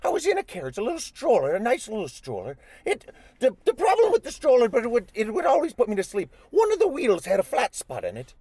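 A man doing a goofy leprechaun with a very high, wildly swooping voice. He rambles and dodges questions, saying "Joe" again and again in an improvised comedy bit. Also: wildly swooping pitch, fast talker, dark tone, slightly rough, no room sound, heavily acted. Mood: goofy, evasive. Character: silly male leprechaun with fake beard.

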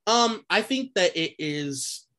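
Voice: medium pitch, animated, slow, fairly bright tone. A podcast co-host in casual chat, slangy and swearing, often restarting words mid-sentence.

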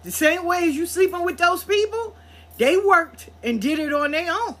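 A woman hosting a podcast, telling a story in a blunt, profane, animated way. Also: very high voice, moderate pace. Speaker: podcast host. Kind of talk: casual storytelling monologue.

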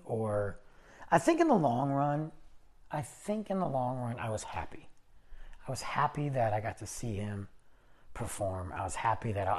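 Husky, lively-voiced man telling a story. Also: mid-range voice. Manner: animated, chatty, acts out other people's lines. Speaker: podcast host. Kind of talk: casual storytelling.

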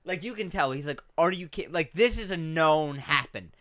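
Animated man telling a story. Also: on the high side, moderate pace, dry recording, studio quality. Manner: animated storytelling, swings from shouting to hushed. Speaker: podcast co-host. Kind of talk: casual chat.

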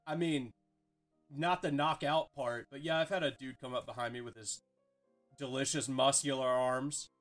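A man's voice: medium pitch, steady tone, moderate pace, fairly bright tone, soft background music. A young man hosting a casual podcast chat, rambling and profane, with lots of "like". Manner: rambling, profane, heavy filler "like". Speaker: host.

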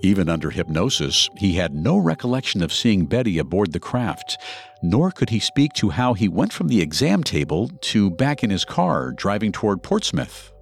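A man narrating a scripted true story for a podcast with expressive, dramatic delivery. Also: on the low side, moderate pace, gravelly.

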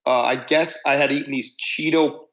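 A man with a gravelly, rough-edged voice tells long, rambling stories about touring life. He restarts his sentences often, on a somewhat muffled, lo-fi recording. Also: medium pitch, steady tone, moderate pace, a bit bright. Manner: rambling, self-interrupting storyteller. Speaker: musician guest. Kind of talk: casual storytelling interview.

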